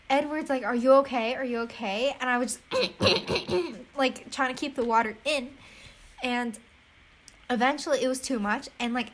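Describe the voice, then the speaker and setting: Chatty high-voiced teen girl. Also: fairly bright tone. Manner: chatty storyteller, heavy use of "like", often laughs. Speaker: podcast co-host. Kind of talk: casual chat.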